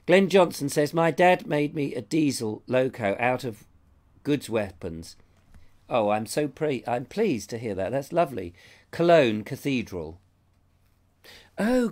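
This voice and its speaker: A man's voice: mid-range voice, expressive, a little slow, darkish tone. A middle-aged man hosting a casual live chat, reading viewer comments aloud and reacting to them. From Britain. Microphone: lapel mic.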